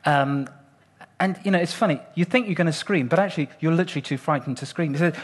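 High-voiced Englishman telling a funny stage story. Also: husky. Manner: playful, self-mocking, dramatic pauses. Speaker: speaker on stage. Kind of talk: humorous storytelling talk to an audience. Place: stage before a live audience.

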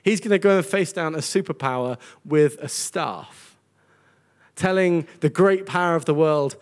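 Earnest preacher, slightly high voice. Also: male voice, moderate pace. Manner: earnest, conversational preaching with repeated words. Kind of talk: sermon. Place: church gathering with a congregation.

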